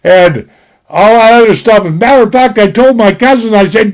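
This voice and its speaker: Guy with a kinda high voice rambling thru an old story, folksy, lots of restarts, desktop mic. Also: brisk. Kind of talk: casual spoken storytelling. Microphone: desktop recording.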